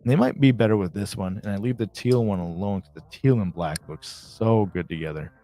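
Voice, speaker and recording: Excited man hosting a live stream. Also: on the low side, a little fast. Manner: excited, chatty, reads chat aloud. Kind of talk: casual live stream chat.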